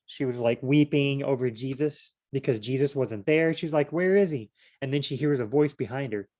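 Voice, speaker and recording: A man reading scripture aloud and commenting on it in a relaxed, chatty way, often wandering into asides and restarting his sentences. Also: mid-range voice, moderate pace. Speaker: Bible study vlogger.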